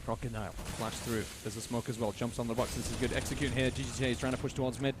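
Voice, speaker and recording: A man casting a competitive shooter game match with fast, joking play-by-play commentary. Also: mid-range voice, flat delivery, noisy background. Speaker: esports caster.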